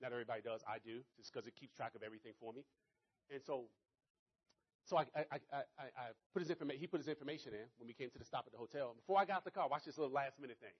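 A man's voice: medium pitch, very fast, breathy edge. A man giving a motivational sales talk to an audience, telling stories animatedly, repeating catchphrases and coaching his listeners directly. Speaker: network marketing speaker. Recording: dull lo-fi recording.

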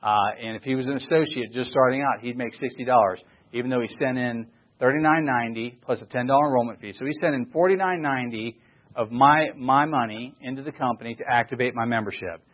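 A man's voice: medium pitch, quick pace, lo-fi sound. A middle-aged man giving an enthusiastic, rambling sales presentation, full of fillers and restarts.

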